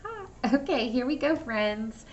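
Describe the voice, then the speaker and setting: A woman teaching a first grade phonics lesson remotely, talking in a cheerful, slow, clearly articulated sing-song way for young children. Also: high-pitched, very animated, recorded from a distance, slight background noise. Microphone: laptop or webcam microphone. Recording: lo-fi recording from off-mic.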